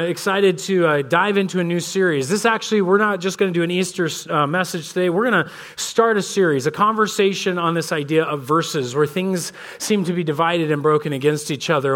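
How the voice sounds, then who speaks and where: A pastor in his thirties giving a sermon in a church, telling stories about his kids in a loose, conversational way. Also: on the high side. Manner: conversational storytelling, animated voices for his kids. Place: church sanctuary.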